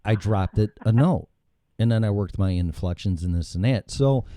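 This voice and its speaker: A man's voice: lowish voice, normal speed, no room sound. A man hosting a casual talk show, telling rambling, profane stories with lots of energy on a studio mic with headphones. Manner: profane, rambling, animated storytelling. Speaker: show host.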